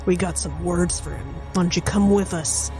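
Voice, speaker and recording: A woman's voice: fairly low pitch, steady tone, moderate pace, natural voice. A woman voicing a blunt, threatening street thug in a tabletop role-playing game, with music playing behind. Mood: menacing. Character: gruff menacing street thug.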